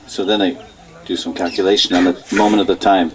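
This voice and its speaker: A man preaching at a temple, telling a story in an animated way and laughing often. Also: low voice, quick pace, far from the mic, low-quality recording. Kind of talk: storytelling lecture. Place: temple hall.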